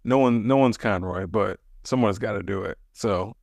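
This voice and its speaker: A man co-hosting a podcast, chatting casually and relaxed, often hedging with fillers. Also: lowish voice, moderate pace, vocal fry, no echo. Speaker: podcast co-host. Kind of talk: casual chat.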